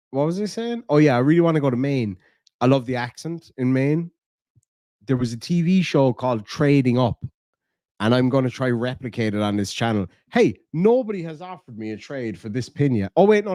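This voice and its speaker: A man's voice: mid-range voice, darkish tone, dry recording, studio quality. A man with an Irish accent chatting casually on a live stream, rambling, cursing and reading chat aloud. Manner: rambling, swears a lot, reads chat aloud.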